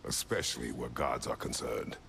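A towering, stern war god speaks in a grim, clipped, commanding way. His voice sits at the very bottom of the range, thick with gravel and crackling fry. Game sound effects rumble faintly behind him. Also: moderate pace, sharp tone, heavily acted. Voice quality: gravelly, very deep.

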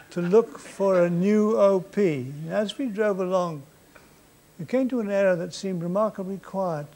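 An older man telling war stories on stage in a dry, deadpan manner. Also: sits high. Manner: dry, deadpan anecdotal delivery. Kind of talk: live stage storytelling. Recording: faint noise, 1990s VHS tape.

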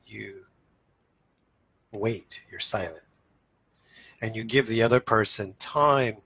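A man's voice: mid-range voice, creaky, bright, forceful tone, rough recording. A man teaching negotiation techniques in a casual, explanatory way, with frequent fillers and restarts. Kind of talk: instructional talk.

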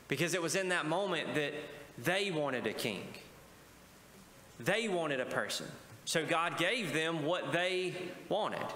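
A man's voice: a little high, bright, forceful tone, a little hiss or hum. A male pastor preaching a sermon, often asking the congregation to respond. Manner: preaching with call-and-response asides. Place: church sanctuary. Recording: echoey church hall with faint ambience.

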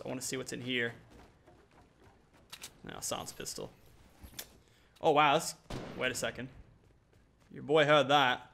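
A young man giving excitable, playful commentary over a mobile battle royale match. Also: mid-range voice, vocal fry, slight background noise. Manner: excitable, quick reactions, playful trash talk. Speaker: gaming YouTuber. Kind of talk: gameplay commentary.

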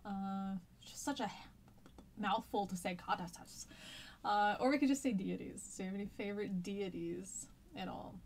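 A woman teaches history in a loose, chatty live stream, rambling through fillers and restarts. Her voice sits at an ordinary middle pitch. A faint hiss runs behind her. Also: normal speed. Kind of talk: casual live-stream lesson chat.

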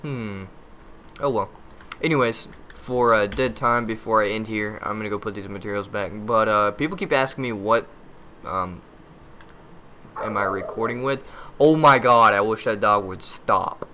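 Bright-voiced man muttering over gameplay. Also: lowish voice, a little slow, a little hiss or hum. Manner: muttering, easily frustrated, yelps and curses at the game; crude joking. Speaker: gameplay commentator. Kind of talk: casual game commentary.

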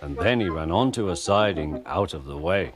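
Brief: male storybook narrator, expressive delivery, music bed underneath. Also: low voice, moderate pace.

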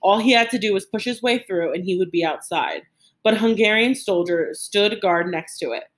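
A woman reading a novel aloud with steady, even narration and the occasional stumble and restart. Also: mid-range voice, moderate pace. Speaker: audiobook reader.

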